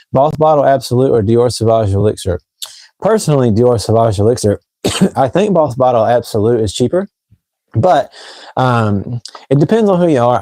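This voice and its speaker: Speaking with a Southern US accent, a Tennessee man hosts a casual fragrance live stream from a room in his home, rambling and chatting right to his viewers. His mid-range voice is mellow and has no echo.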